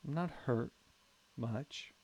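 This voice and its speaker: Slow, wry man narrating strategy gameplay. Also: medium pitch, a little mellow, slightly rough. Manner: thinking aloud, wry and chatty; self-mocking humour. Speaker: let's play host. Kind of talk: strategy game commentary.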